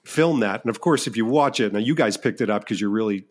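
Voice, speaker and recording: Animated self-deprecating male storyteller. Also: fairly low pitch, quick pace. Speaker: filmmaker guest. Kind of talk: casual interview chat.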